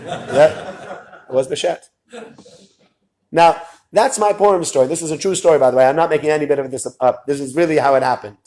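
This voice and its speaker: A man with a fairly high voice tells a story in relaxed, casual talk. He is animated and drops into low, quiet tones whenever he quotes someone else. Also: brisk, long pauses. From lives in Israel. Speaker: speaker telling a story.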